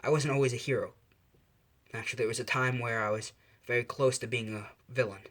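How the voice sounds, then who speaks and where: Man reading hero teacher, adult male, guarded, caring, halting, repeats himself. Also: mid-range voice, fairly even intonation, a bit bright, natural voice. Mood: earnest.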